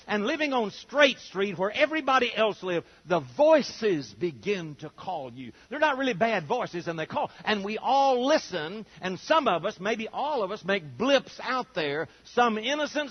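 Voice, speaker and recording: A man's voice: high-pitched, muffled recording. An older man preaching a sermon in a folksy storytelling way, acting out the voices of the people he quotes.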